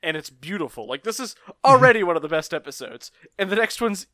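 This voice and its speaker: A man co-hosting a casual anime podcast, enthusiastic and quick to laugh. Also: high voice, very animated, bright, forceful tone, dry recording, studio quality. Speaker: podcast co-host.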